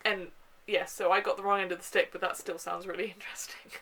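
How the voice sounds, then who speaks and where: This rough recording captures a young book vlogger gushing over her book haul in a casual home video. She talks quickly at a medium pitch with little pitch movement and a sharp tone, chatting away with frequent ums and uhs.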